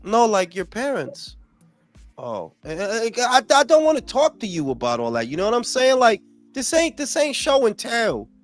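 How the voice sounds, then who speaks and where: A New man hosts a casual podcast, ranting in a profane, animated way. His voice sits high and swings widely in pitch. Faint music plays behind him. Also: normal speed. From New York. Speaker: podcast host.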